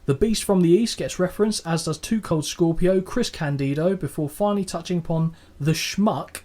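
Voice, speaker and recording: A man's voice: high-pitched, moderate pace. A man co-hosting a casual podcast, joking and swearing as he reviews an old show. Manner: sweary, jokey, animated. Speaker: podcast co-host. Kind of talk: casual chat.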